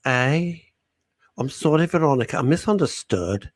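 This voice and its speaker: Male radio co-host, lively swooping pitch, dry close sound, jokey teasing banter. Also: normal speed, dry recording. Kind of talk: casual banter reading listener messages.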